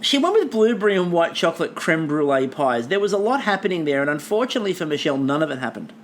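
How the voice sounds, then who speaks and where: A man's voice: a little high, big pitch swings, fast talker. A man co-hosting a casual comedy podcast, rambling with sarcastic, mock-dramatic asides. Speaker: podcast co-host.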